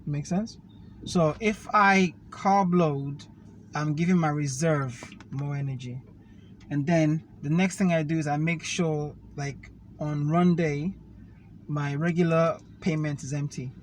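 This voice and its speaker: Riding in a car, a man with a somewhat high voice talks in an unhurried, fairly even way, casually explaining fitness and food through step-by-step analogies. The conversation is recorded in the car and the audio is noisy.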